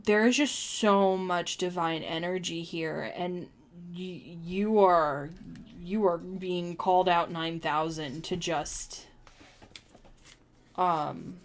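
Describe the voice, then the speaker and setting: A woman's voice: lowish voice, takes it slowly. A woman giving a chatty, rambling oracle card reading on a live stream, with many ums and restarts. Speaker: tarot reader.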